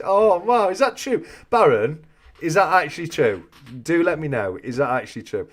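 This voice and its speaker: A man's voice: on the high side, animated, normal speed. A man hosting a casual live chat, joking and reading out viewer comments. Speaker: host of a coin-collecting live chat.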